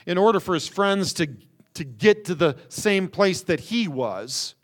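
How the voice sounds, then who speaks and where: A man preaching a sermon, stressing words with slow emphasis and rhetorical questions. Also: high-pitched, animated. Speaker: pastor.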